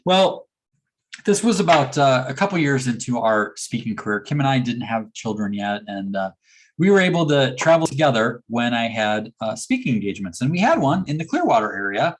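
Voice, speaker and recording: A man's voice: medium pitch, fairly quick. A man giving a motivational keynote talk, telling a story and acting out the dialogue. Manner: animated storyteller who acts out dialogue. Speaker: motivational speaker.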